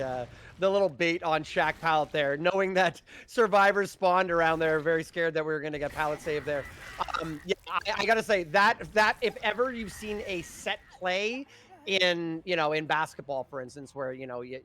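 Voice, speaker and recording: A man's voice: on the high side, normal speed, fairly bright tone, slight background noise. A man co-casting a live esports match, rambling and restarting his sentences with frequent laughs. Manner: rambling, self-interrupting, laughs often. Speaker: esports co-caster.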